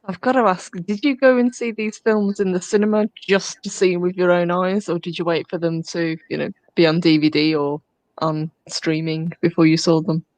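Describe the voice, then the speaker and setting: A woman's voice: on the low side, level tone, moderate pace, a little mellow, no room sound, low-quality recording. A woman who is a guest on a casual talk show, asking curious questions. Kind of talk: casual chat.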